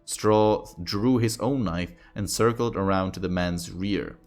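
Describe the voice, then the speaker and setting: A man's voice: low-pitched, a little slow, a little mellow, soft background music. A man reading a fantasy book aloud on a stream, breaking off now and then for offhand, joking asides. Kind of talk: casual reading with commentary.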